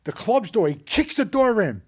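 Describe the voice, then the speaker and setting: An older man hosting a casual chat, telling animated, profane stories and acting out what others said. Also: high-pitched, normal speed, slightly rough. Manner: animated, profane, acts out quotes. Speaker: host.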